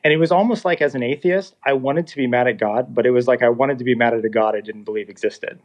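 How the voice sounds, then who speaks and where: A man in his thirties telling his own story in a casual, animated way, acting out the dialogue as he goes. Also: mid-range voice, quick pace. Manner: animated, acts out dialogue in quotes. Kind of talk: casual first-person storytelling. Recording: dull lo-fi sound.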